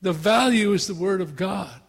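A man's voice: sits high, moderate pace, creaky, breathy edge. A man preaching a sermon with earnest, repeated rhetorical questions, in a church hall. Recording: long reverb of a hall.

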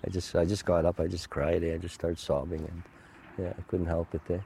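Man, middle-aged, very low dark voice, halting heartfelt testimony, lots of ums and restarts. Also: flat delivery, slight background noise. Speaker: guest sharing a testimony. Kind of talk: personal faith testimony.

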